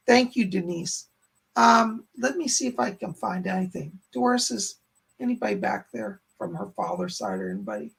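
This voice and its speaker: Very gravelly, husky-voiced man medium. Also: sits high, sing-song, normal speed. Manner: relays spirit messages, repeating "he said" and "she said"; thanks viewers warmly and reads their chat aloud. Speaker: psychic medium. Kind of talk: live-stream psychic readings.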